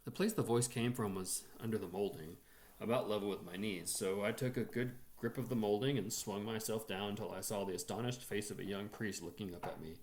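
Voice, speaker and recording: A man reading a short story aloud in a measured, expressive storytelling manner. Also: medium pitch. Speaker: reader.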